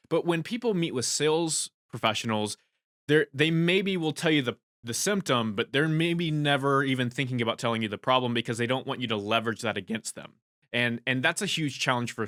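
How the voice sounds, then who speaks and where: Male podcast host, bright and forward tone, dry close sound, loose questions that circle back on themselves. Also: medium pitch, dry recording. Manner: long, winding questions with restarts. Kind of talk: interview questions.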